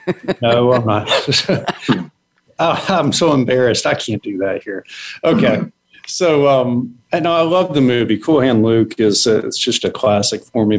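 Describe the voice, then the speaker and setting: A man speaking as a guest on a podcast over a video call, laid-back and rambling with hesitations. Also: medium pitch. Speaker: guest, cloud consultant. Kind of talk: casual interview talk.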